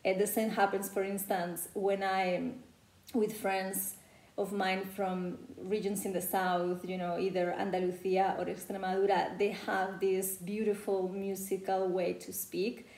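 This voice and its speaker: In an echoey room, a woman from Spain gives a relaxed pronunciation lesson in English, her Spanish accent clear and her speech peppered with "you know." She speaks a little slowly, with a flat, darkish, medium-pitched voice.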